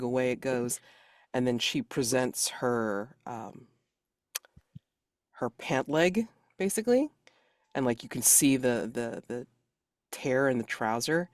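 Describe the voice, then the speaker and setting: Rambling, casual game master. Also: male voice, medium pitch, no echo, studio quality. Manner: casual, rambling with many fillers. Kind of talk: narrating a tabletop game.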